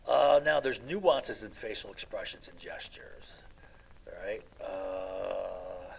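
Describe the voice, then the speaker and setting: Middle-aged male lecturer, lowish husky voice, rambling anecdotal classroom delivery. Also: slow pace, rough recording. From United States. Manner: rambling, anecdotal, lots of fillers and "right?". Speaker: college lecturer.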